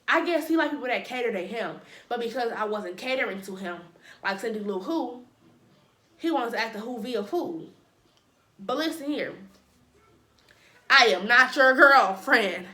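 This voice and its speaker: A storytime vlogger, a woman whose voice sits fairly high, recounts something that happened to her in a casual vlog. Dramatic asides and playful sound effects pepper the telling, all ringing out in a spacious, echoey room.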